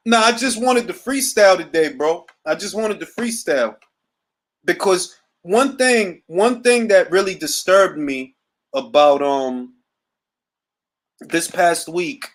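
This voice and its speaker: A middle-aged man hosting a boxing talk show, ranting profanely and casually on a livestream from home. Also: high voice. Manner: profane, animated, riffing. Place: at home, seated.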